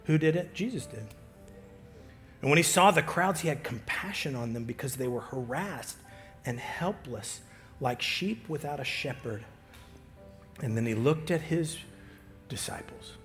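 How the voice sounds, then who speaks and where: A male pastor with a mid-range, expressive voice preaches a sermon over faint music. He swings between loud, emphatic lines and hushed near-whispers, restarting haltingly.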